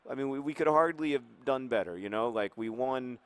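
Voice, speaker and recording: Over a football video game, a man with a medium-pitched, brisk, clear and resonant voice chats casually. Taking on the role of the club's manager, he rambles hesitantly with lots of fillers, keeping up an earnest mock-manager manner.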